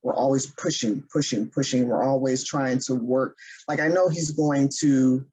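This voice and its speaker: A woman co-hosting a podcast, chatting candidly about her relationships with a relaxed, laughing manner. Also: a bass voice, normal speed, husky, poor audio. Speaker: podcast co-host. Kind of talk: casual chat.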